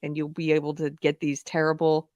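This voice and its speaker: A woman's voice: deep voice, completely flat delivery, fairly quick, darkish tone, no echo, highs cut off. A woman with a Southern American accent hosting a casual live-stream chat, laughing often. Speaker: podcast host.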